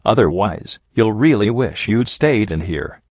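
A man reading the part of a stern, cryptic male card dealer in a soft, raspy voice, pressing with questions. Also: on the low side, lively intonation, unhurried, no echo. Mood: probing. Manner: lecturing, probing questions. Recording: dull lo-fi audio.

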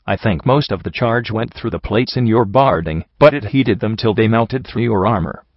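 Man reading a soft, shaken young pony mare. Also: fairly low pitch, lively intonation, moderate pace, no room sound. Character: anxious young female pegasus, gentle. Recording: dull, dry.

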